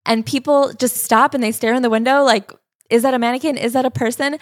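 A woman co-hosting a casual chat, retelling a memoir with wry, deadpan asides. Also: fairly high pitch, fast, no echo, studio quality. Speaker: podcast co-host.

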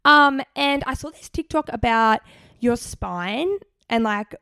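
A woman's voice: on the high side, slow, pushed and bright, clear, resonant tone, no room sound, clean studio sound. A young woman from Queensland with an Australian accent, co-hosting a podcast and telling stories in chatty, giggly casual talk. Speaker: podcast co-host. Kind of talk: casual chat.

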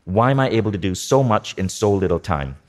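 A man giving a motivational talk to a live audience, energetic, asking the room questions and repeating key phrases. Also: fairly low pitch, a little fast. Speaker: speaker teaching a workshop.

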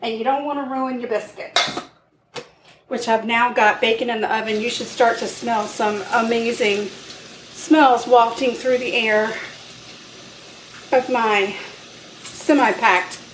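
A woman co-hosts a casual podcast from her home kitchen, chatting and reacting with gasps and quick remarks. Her voice sits fairly high. The kitchen sounds echoey, with clear noise and clicking around her. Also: steady tone. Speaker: podcast co-host. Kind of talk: casual chat.

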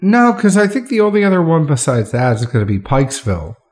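A man's voice: on the high side, very animated, fast talker, a little mellow. Chatty man describing whiskey flavors. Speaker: whiskey tasting co-host. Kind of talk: casual tasting chat.

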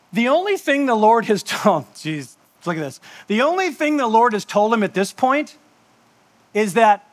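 Casting: a chatty preacher, high voice, jokey asides. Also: male voice, big pitch swings, a little slow. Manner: conversational, joking, with asides and laughs. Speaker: pastor. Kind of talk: sermon.

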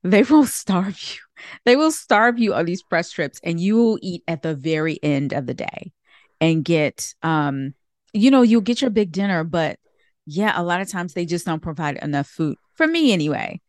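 A woman's voice: fairly low pitch, animated, normal speed, a little mellow, no echo, clean studio sound. Chatty woman hosting a podcast. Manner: chatty, laughs often, asks questions. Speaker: podcast host. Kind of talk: casual podcast chat.

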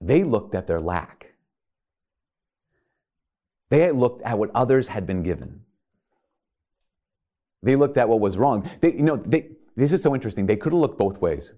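A male priest giving a sermon in an earnest way, full of rhetorical questions. His voice sits at a mid pitch, and he often stops and restarts his phrases as he builds a point. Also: lively intonation, normal speed, pauses often, dark tone.

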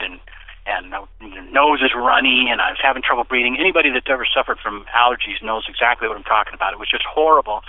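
Excited man telling his story over a phone line. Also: quick pace, no room sound. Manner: animated storyteller who bursts into excited, high-pitched quoted speech. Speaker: interview guest. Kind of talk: personal testimony in casual conversation. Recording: dry, tinny phone-like line.

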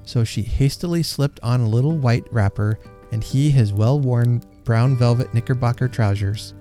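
Gentle man reading a story aloud. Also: mid-range voice, normal speed, faint music behind.

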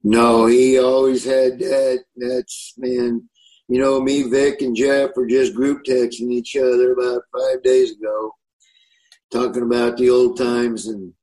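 A man's voice: medium pitch, flat delivery, measured pace, darkish tone, rough recording. Guest comedian, male, 60s, Southern US accent; easygoing, rambling delivery. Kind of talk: casual interview chat.

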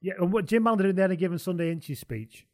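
A man's voice: sits high, animated, racing, a little mellow. A man hosting a casual sports chat, delivering dry, jokey quips. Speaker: podcast host.

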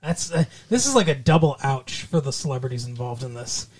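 A man's voice: mid-range voice, big pitch swings, brisk. Young male co-host, goofy teasing banter, casual show chat.

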